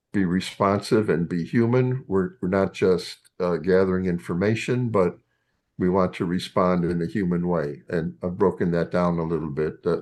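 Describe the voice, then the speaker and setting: An older man lecturing a class as a psychologist, halting and full of fillers and restarts. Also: sits low, a little mellow.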